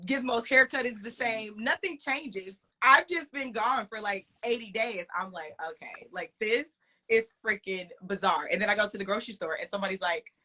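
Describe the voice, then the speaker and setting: Bright-voiced excitable woman chatting. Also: fairly high pitch. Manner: excitable, chatty, quick shifts into loud greetings. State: throat soothed with cough drops. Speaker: live stream host. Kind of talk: casual chat. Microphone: phone live stream.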